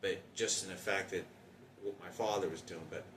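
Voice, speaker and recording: A man in his forties talking in a halting, rambling personal monologue with many restarts. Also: deep voice, steady tone, reverberant, recorded from a distance, noisy background. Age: 40s.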